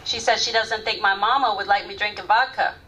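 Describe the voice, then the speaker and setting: An actress performing a live stage monologue as a grown woman candidly recalling her first love, sometimes soft, sometimes loud. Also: medium pitch, brisk, dull audio, close to an everyday voice. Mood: frank recalling. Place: theater stage, live audience. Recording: distant stage mic, faint room noise.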